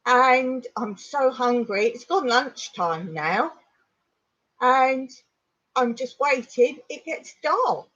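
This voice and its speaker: A woman's voice: high voice, takes it slowly. Middle-aged english woman rambling through a story on her livestream, kinda muffled audio. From England. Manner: rambling, animated retelling with laughs. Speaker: vlogger on a livestream.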